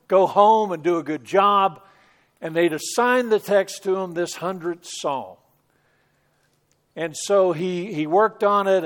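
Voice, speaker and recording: A middle-aged man telling a personal story in a chapel devotional talk, earnest, with small restarts. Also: a little high. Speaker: preacher.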